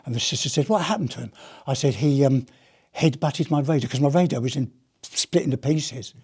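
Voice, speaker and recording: A live audience at a heritage gallery hears an older former police officer tell chatty, rambling anecdotes, frequently starting over. His mid-range voice is a little fast and a little mellow, with a breathy edge.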